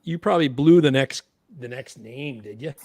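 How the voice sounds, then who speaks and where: A man's voice: mid-range voice, moderate pace, a little mellow. A man with a Canadian accent hosting a casual livestream chat, playful and laughing as he keeps score. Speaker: podcast host.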